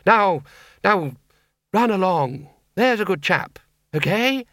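A man voicing a huge male werewolf who speaks evenly and deliberately, with quiet menace. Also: high voice, dry recording, clean studio sound, pitched above the performer's own voice, heavily acted. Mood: menacing calm. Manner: even, deliberate threats.

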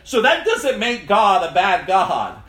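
Impassioned male preacher, measured delivery, echoey room. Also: high voice, sing-song, pushed and bright. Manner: impassioned, laughing between lines. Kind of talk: sermon with scripture reading.

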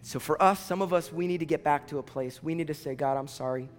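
High-voiced man preaching a sermon. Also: fast, long reverb tail, slight background noise. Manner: earnest, builds to fervent appeals. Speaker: pastor. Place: church auditorium.

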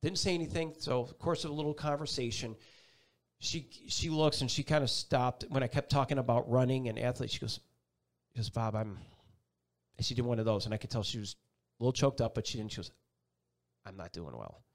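Middle-aged male guest, storyteller, animated delivery, voices the people in his anecdotes. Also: mid-range voice, fairly quick. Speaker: chief meteorologist, guest. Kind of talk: personal storytelling in an interview.

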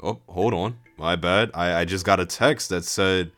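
Low-voiced man reading a story aloud. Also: normal speed, hardly any pauses, no echo, studio quality. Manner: relaxed, chatty, asides between reading. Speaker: podcast host and storyteller. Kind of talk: casual read-aloud storytelling.

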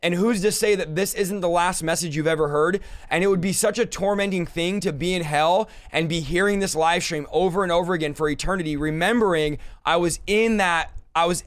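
A man's voice: high voice, no room sound. A man hosting a live-stream interview, speaking emphatically like a preacher and turning to address his viewers directly. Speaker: host.

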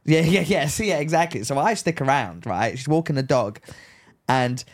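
A man's voice: on the high side, animated, normal speed. A man co-hosting a podcast, telling a rambling story in casual chat, full of likes and rights. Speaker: podcast co-host.

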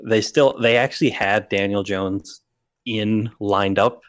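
A young man co-hosting a casual sports podcast, laid-back and dry, often trailing off quietly. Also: fairly low pitch, steady tone, a little slow, dry recording. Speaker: podcast co-host.

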